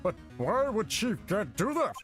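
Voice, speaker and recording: A man's voice: sits high, big pitch swings, a little slow, music in the background, pitched above the performer's own voice. A man voicing an older, easily flustered courtroom judge in a video game, speaking formally.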